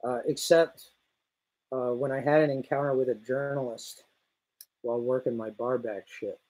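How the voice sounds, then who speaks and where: A man's voice: medium pitch, steady tone, normal speed, a little mellow, low-quality recording. A man on a casual podcast telling a long, profanity-laced anecdote in a rambling way. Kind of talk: casual storytelling chat.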